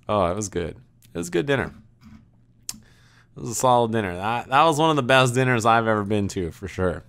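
A man in a casual stream chat, rambling through an anecdote with lots of "like" and bursts of laughter. His voice is smooth and clear, sitting at an average pitch. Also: lively intonation, brisk, long pauses, a bit bright. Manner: rambling, laughing, heavy use of "like". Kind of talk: casual storytelling.

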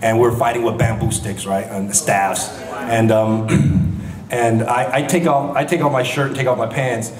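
A man's voice: medium pitch, steady tone, a little slow. A man chatting as a guest on a convention panel, telling stories with a joking, laughing manner. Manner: jokey, laughing, storytelling. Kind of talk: casual convention panel chat. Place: large convention hall. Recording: echoey hall with crowd noise.

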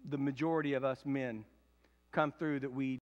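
A man's voice: steady tone, normal speed, lo-fi sound. Preaching man in his fifties, reverberant hall. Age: 50s. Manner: swings from loud emphatic preaching to low confiding tones. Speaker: pastor. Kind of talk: sermon. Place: church sanctuary.

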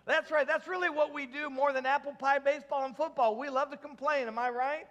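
A high-pitched man preaching to his congregation, throwing in jokes and asking them questions. His voice rings out with a long reverb in a church hall. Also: steady tone, fairly quick, fairly bright tone, highs cut off. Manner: jokey, asks the congregation questions. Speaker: pastor. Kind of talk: sermon.

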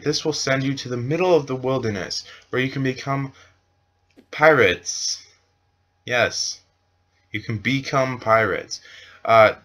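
A man's voice: lowish voice, bright, forceful tone. A man who runs a game server, narrating a casual gameplay tutorial with jokey asides and frequent self-corrections.

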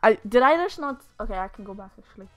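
Young woman gamer, chatty and playful, slightly high voice, soft game music under her. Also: lively intonation, fast talker. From Lithuania. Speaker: gaming YouTuber. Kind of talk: casual let's-play commentary.

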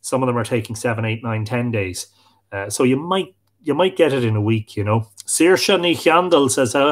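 An Irishman hosts a live online show, chatting casually and reading out viewers' comments while greeting them by name. His voice is mid-range, animated and fairly quick.

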